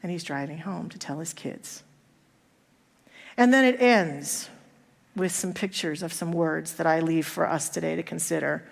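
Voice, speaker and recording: A woman's voice: sits low, measured pace, vocal fry, pauses often. Woman preacher telling stories in church, lots of hall echo. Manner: storytelling, acting out quoted voices. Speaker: minister. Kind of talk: sermon. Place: church sanctuary.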